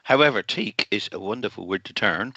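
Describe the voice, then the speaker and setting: Co-host, male, lower voice, bright tone, casual joking banter. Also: lively intonation, fairly quick, husky, no room sound, low-quality recording. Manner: joking, chimes in with opinions. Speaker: co-host on a livestream. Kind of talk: casual live-stream chat.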